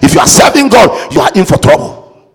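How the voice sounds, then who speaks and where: Gravelly, high-pitched shouting preacher man. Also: big pitch swings, a little fast, long reverb tail. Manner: impassioned, shouting and chanting. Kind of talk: sermon.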